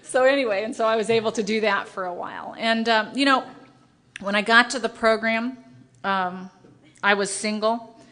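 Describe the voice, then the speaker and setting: A middle-aged woman speaking at a recovery meeting, telling her story in an animated, self-mocking way and acting out the dialogue. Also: on the high side, moderate pace. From United States. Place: meeting hall with a live audience.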